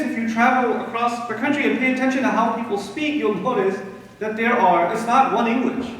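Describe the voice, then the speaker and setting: A man from Pakistan giving an animated religious lecture, emphatic and full of rhetorical questions and dry humor. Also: very high-pitched. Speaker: Islamic lecturer. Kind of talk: lecture to a live audience. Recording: echoey hall recording from far off.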